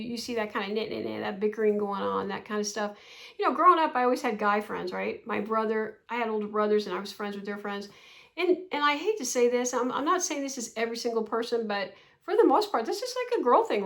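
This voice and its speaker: A woman in her sixties talking casually to her vlog audience, chatty and animated, often exasperated, with frequent laughs. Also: medium pitch, gravelly. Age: 60s. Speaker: vlogger.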